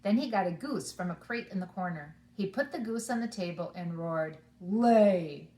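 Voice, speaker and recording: A woman preschool teacher reading a storybook to children, animated and inviting them to join in. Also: on the low side, brisk, echoey room. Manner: animated, asks the children along.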